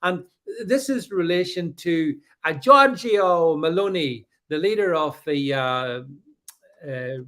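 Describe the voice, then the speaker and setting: Man, podcast co-host, fairly high voice, stop-start casual chat, reads viewer comments. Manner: halting, many restarts, animated. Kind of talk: casual political chat reading live comments.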